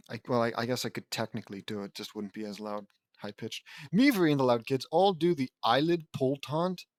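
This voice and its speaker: A man reading a fanfic aloud with comedic commentary, exasperated and animated, his voice a little worn. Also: medium pitch, no room sound. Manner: exasperated, animated, laughing asides. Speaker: reader and commentator.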